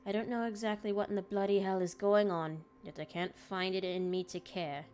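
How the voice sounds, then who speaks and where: A woman's voice: medium pitch, level tone, a little fast, a little mellow, clean tone, soft background music. A woman streamer reading a visual novel aloud dramatically, breaking off with laughing asides.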